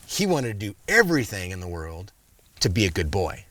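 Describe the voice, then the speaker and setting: A middle-aged man in casual interview chat, an animated storyteller who acts out the commands he once gave his bear. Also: fairly low pitch, fast, no echo. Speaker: guest, wildlife filmmaker.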